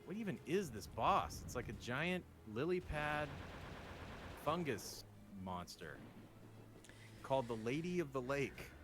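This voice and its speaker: As a guest on a game stream, an American man chats casually and jokes around over game music. His medium-pitched voice is very animated and measured in pace, and the background is noisy.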